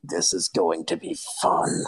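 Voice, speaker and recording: A man voicing a sinister monster, once disguised as a half-elf, who speaks low and gloating, half in a whisper. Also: level tone, a little slow, husky, no room sound.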